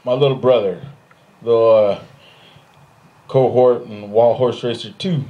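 A man doing stand-up comedy, telling a long story on stage and jumping into high, put-on voices for the other people in it. He laughs often at his own jokes. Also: fairly even intonation, a little slow, highs cut off. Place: stage in front of a live audience.

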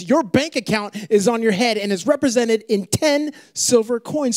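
A young adult man preaching a sermon in an animated, joking storytelling manner. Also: very high-pitched, no echo.

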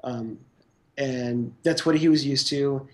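A man's voice: mid-range voice, steady tone, slow. A man recounting his work as a guest on an interview podcast, speaking loosely and filling his sentences with "like" and "you know". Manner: rambling, full of "like" and "you know". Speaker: guest stop-motion animator. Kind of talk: casual interview recollection.

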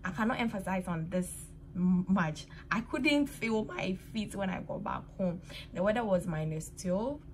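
A woman's voice: medium pitch, lively intonation, moderate pace, few pauses, darkish tone, a little hiss or hum. A woman vlogging to a handheld phone, chatty and laughing often, tired and cold from the winter. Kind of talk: casual vlog talk to camera. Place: outdoors in winter streets, later at home.

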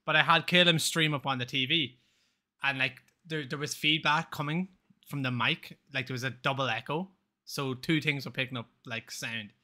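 A man's voice: mid-range voice, normal speed, sharp tone. A man chatting casually on a live game stream, rambling, swearing freely and laughing often.

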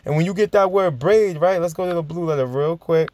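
A man preaching and teaching from scripture, emphatic and chuckling, drawing out verses slowly as he reads. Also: a little high, a little mellow. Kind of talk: sermon-style Bible teaching.

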